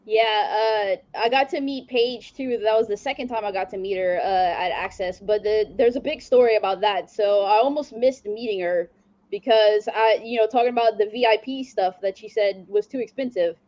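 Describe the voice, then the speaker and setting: A woman's voice: medium pitch, moderate pace, darkish tone, muffled recording. A woman hosting a casual interview, telling rambling stories and laughing often. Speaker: host. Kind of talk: casual chat.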